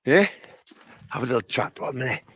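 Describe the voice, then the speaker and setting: A man's voice: mid-range voice, lively intonation, fairly quick, very noisy. A man vlogging outdoors in the countryside, who swears freely and coos at animals in a sing-song voice. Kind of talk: casual walking vlog. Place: countryside lane and farm, outdoors.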